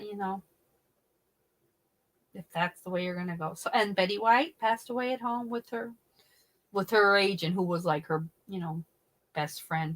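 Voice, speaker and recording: Middle-aged woman, livestream host, chatty and animated, answers comments, swears bluntly. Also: medium pitch, poor audio. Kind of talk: casual livestream chat.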